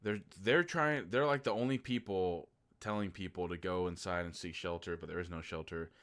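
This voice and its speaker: This Oklahoma man's low-pitched voice holds a fairly even intonation at normal speed, with a fairly bright tone. Reviewing a movie casually and sarcastically, he curses without restraint and raises his voice to perform his own disbelieving reactions.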